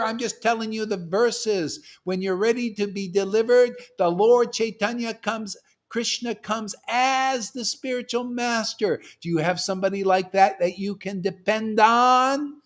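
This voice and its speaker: A man preaching a devotional class in a fervent, rambling way, quoting verses, calling out to the listeners and often tacking "man" onto his lines. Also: sits high. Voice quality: excitable, loud bursts, laughs and shouts, slangy with "man".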